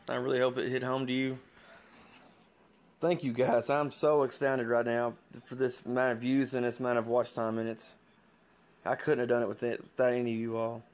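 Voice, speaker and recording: A man in his thirties with a Kentucky Southern accent, reading a poem and then talking earnestly in a vlog, rambling and restarting his sentences. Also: mid-range voice. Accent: Kentucky Southern American. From Kentucky, USA. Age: 30s. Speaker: YouTuber. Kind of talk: poetry reading and heartfelt vlog talk. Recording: roomy echo with faint guitar music.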